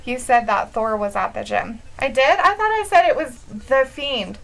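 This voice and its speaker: A woman's voice: on the high side, expressive, moderate pace, gravelly, low-quality recording. A woman co-hosting a casual live stream, giggling often and reading out chat messages. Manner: giggly, reads chat aloud.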